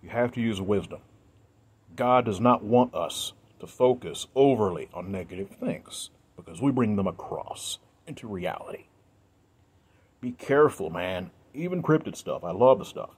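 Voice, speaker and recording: A man's voice: fairly low pitch, animated, normal speed, slightly rough. A man speaking to his viewers in an earnest, emphatic monologue, repeating himself and sounding emotional. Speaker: video creator.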